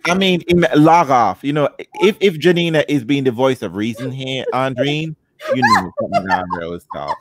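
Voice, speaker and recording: A man's voice: medium pitch, wildly swooping pitch, moderate pace, very noisy. A man co-hosting a podcast in casual chat, joking and rambling. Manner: joking, rambling, talks over others. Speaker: podcast co-host.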